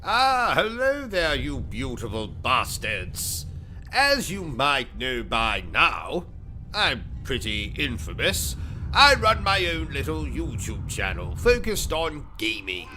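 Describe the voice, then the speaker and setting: A man's voice: mid-range voice, very animated, takes it slowly, bright, forceful tone, soft background music. Pompous, ranting British man. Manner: pompous, insulting, over-the-top rants. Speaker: gaming channel host. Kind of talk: comedic livestream commentary.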